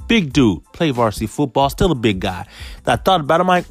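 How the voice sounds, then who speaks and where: A man tells a comic story at a medium pitch, with faint music under him. He acts out each character in turn, swinging his voice up and down. He moves quickly from narration into quoted lines. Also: sing-song. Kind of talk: comedic storytelling.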